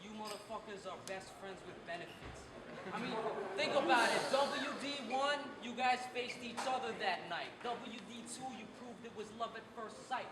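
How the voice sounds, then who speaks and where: A man's voice: very high-pitched, normal speed. Man battle rapping in a noisy hall. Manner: mocking, insulting delivery. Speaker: battle rapper. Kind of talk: live battle rap. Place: live event venue. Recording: echoey room, loud background noise.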